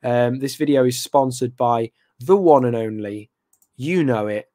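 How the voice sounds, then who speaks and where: A man's voice: mid-range voice, measured pace, mellow, no echo, studio quality. Chatty young male football fan host. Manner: rambling, hesitant, lots of ums and restarts; talks to viewers in the live chat by name. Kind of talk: casual live fan reaction chat.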